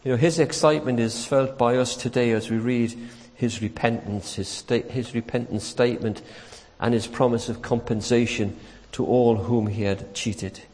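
A man preaching a sermon, telling a story with lively emphasis and acting out the quoted lines. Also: medium pitch, moderate pace, hardly any pauses. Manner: animated storytelling, acts out quotes, chuckles warmly. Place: church. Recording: church hall with long reverb.

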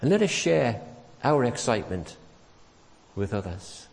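A man preaching a sermon, telling a story with lively emphasis and acting out the quoted lines. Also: medium pitch, unhurried, vocal fry. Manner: animated storytelling, acts out quotes, chuckles warmly. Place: church. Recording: church hall with long reverb.

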